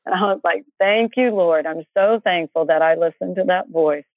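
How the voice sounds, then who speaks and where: A woman tells a personal faith story in a relaxed, animated way, slipping into the voices of the people in it. Her voice arrives over a thin, phone-like line with no room sound at all. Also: fairly low pitch, normal speed, no echo. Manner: animated, acts out quoted voices. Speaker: guest storyteller. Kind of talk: casual testimony storytelling. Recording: tinny phone line, dry.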